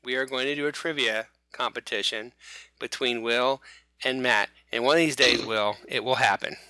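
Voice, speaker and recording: Bright dry-sounding guy hosting a fan podcast, rambly and jokey. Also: medium pitch, steady tone, moderate pace, clean tone, dry recording. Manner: rambling, jokey, self-correcting. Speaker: host. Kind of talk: casual podcast chat.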